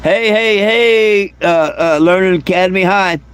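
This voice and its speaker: A man's voice: high-pitched, unhurried, a bit bright, smooth, rough recording. A man vlogging outdoors by his bus in a casual, hesitant way, drawn out with fillers and repeated words. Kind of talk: casual rambling vlog talk. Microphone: camera he handles himself.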